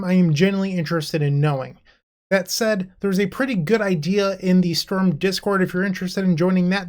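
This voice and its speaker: Frank young man hosting a gaming channel. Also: sits high. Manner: frank, slightly exasperated, talks straight to viewers. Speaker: channel host. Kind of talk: casual gaming commentary to camera.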